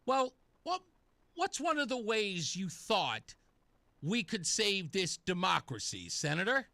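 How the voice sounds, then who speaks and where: A man's voice: high voice, wildly swooping pitch, slow pace, sharp tone, dry recording. A man hosting political talk radio, delivering sarcastic, mocking commentary. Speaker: radio talk show host.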